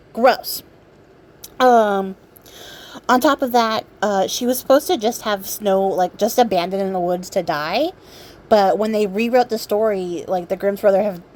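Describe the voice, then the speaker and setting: A woman vlogger casually retelling a fairy tale, sarcastic and irreverent, swearing freely and filling pauses with ums. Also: medium pitch, darkish tone, a little hiss or hum. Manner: chatty, many ums and likes. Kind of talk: casual storytelling while crafting.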